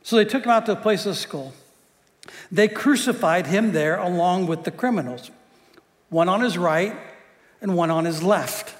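A man's voice: high voice, moderate pace. A male pastor preaching a sermon in a conversational, joking way, often repeating his words. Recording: long hall reverb.

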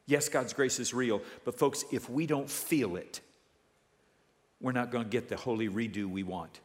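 Man, pastor, sermon, animated, calls to congregation, large church, long hall reverb. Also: medium pitch, normal speed.

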